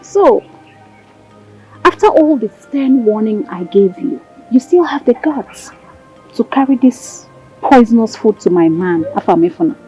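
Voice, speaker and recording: Mocking Nigerian bully. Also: female voice, a little high, animated, unhurried, mellow, faint music behind, rough recording. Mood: threatening. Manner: mocking and taunting. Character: mocking bully of a jealous rival. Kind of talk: Nollywood film acting.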